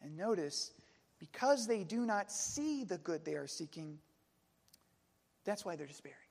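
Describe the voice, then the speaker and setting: A man's voice: high voice, expressive, unhurried, creaky. Earnest male preacher in a big hall. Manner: earnest, swings between soft and emphatic. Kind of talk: sermon.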